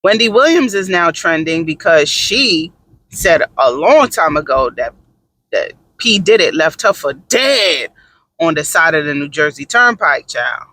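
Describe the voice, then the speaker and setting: A man doing sassy, animated gossip commentary in a casual vlog, with dramatic asides. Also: a little high, measured pace. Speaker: vlogger.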